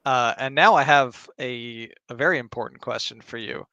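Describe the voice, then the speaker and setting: A man's voice: medium pitch, normal speed, bright, forceful tone, no echo, muffled recording. A man co-hosting a card game podcast in casual chat, encouraging and enthusiastic. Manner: encouraging and enthusiastic, with many fillers. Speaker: podcast co-host.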